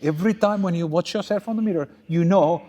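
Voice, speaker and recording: Halting male podcast host, echoing room. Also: sits high, dark tone. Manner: halting, repeats words while reaching for a point. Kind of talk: casual interview chat. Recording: long reverb in the room.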